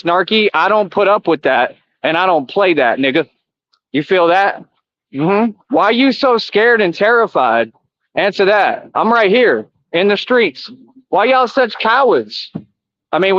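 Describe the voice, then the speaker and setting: A man's voice: a little high, no room sound. Taunting man ranting at his stream chat. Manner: confrontational, taunting, repetitive. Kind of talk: live stream rant at chat. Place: outdoors. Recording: dull lo-fi, dry.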